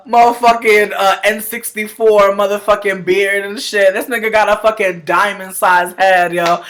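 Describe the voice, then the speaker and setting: Woman, livestream vlogger, webcam, reality TV commentary, profane, animated, middle pitch, loud bursts then low mutters. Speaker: reality TV reviewer.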